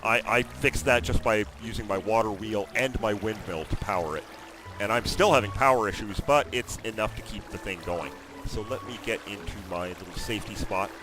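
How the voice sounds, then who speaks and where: A man giving chatty, excitable commentary on his own video game session, breaking into loud exclamations now and then. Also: fairly low pitch, normal speed. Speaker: gaming video host. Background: background music.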